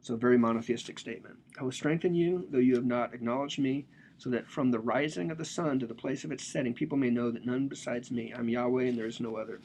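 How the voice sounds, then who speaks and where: A man's voice: mid-range voice, fast, a little mellow, a little hiss or hum. A man giving a casual, joking lecture on a religious text, explaining it with slang and asides.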